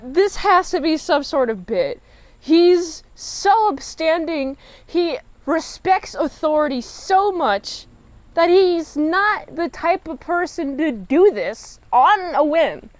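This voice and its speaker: A woman giving a casual, chatty spoiler review of a TV episode, animated and quick to laugh. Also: very high-pitched, no echo. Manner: chatty, animated, laughs often, acts out characters' lines.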